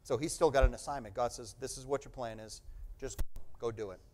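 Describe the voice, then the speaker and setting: A middle-aged man preaching a sermon, reading scripture aloud and explaining it, sometimes proclaiming loudly and sometimes dropping to a hush. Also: medium pitch, steady tone, fairly quick.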